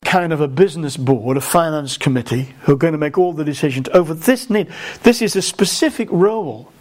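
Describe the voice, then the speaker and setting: A man preaching a sermon in an earnest way, often repeating words and slowing down to stress key phrases. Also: a little high, lively intonation, a little mellow.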